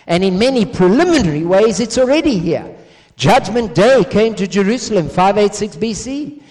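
A man's voice: very high-pitched, darkish tone. A man preaching a sermon, emphatic, building with repeated phrases and rising stress. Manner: emphatic, repetitive cadence, rising to stress points; slow and measured when reading prayer.

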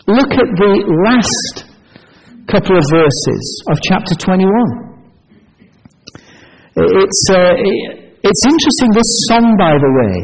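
A man preaching a sermon, animated and storytelling, acting out the voices of people in his examples. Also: high voice, a little hiss or hum, low-quality recording.

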